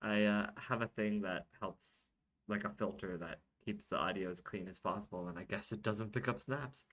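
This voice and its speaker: A low-voiced man reads his own novel aloud, worn out after a night without sleep. He narrates steadily but breaks off now and then to correct himself or make a quick aside. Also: a bit bright, rough recording. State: tired from being up all night. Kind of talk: audiobook-style reading of a serialized novel.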